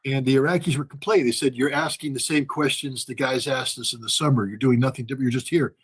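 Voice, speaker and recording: Husky-voiced man telling a long story. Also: mid-range voice, quick pace. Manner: animated storyteller acting out quoted dialogue. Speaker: guest, former weapons inspector. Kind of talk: storytelling in a conversation.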